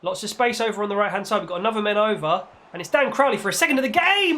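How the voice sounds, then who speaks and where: This gaming-channel host gives lively, joking football commentary over his own play, with mock-commentator yells at the peak moments. He speaks high and fast with hardly any pauses, over slight background noise.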